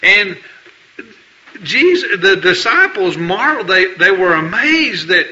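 A man delivers a sermon in a high, piercingly bright voice. He presses his points by repeating phrases and reads scripture aloud. The recording is dull and lo-fi. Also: big pitch swings, takes it slowly. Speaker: preacher.

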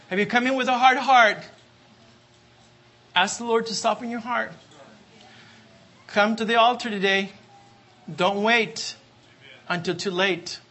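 Preacher guy, fairly high voice, keeps repeating his refrain, calls for amens. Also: pushed and bright. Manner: emphatic, repeats refrains, asks the congregation for amens. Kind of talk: sermon.

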